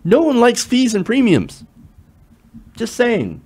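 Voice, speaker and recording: A man's voice: extremely high pitch, wildly swooping pitch, takes it slowly, darkish tone, husky. A man hosting political commentary, arguing with rhetorical questions and sarcastic asides. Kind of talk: direct-to-camera political commentary.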